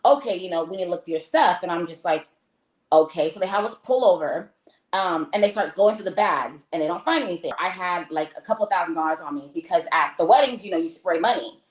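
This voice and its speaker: A woman's voice: lowish voice, a little fast. Woman telling a story in a roomy echo. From United States. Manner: animated, acts out quoted dialogue, many fillers. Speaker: guest telling a travel story. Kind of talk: casual storytelling.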